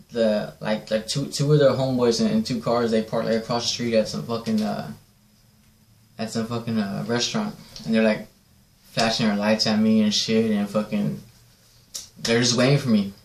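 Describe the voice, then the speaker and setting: Man, low voice, casual rambling storytelling, lots of swearing, echoey room. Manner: profane, rambling, repeats "right?".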